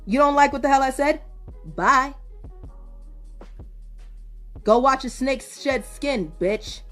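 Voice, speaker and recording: A woman rants at her critics in a high voice. She swears freely and meets them head-on. Faint music runs under the recording. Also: slow pace, fairly bright tone. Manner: profane, confrontational. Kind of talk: heated livestream rant.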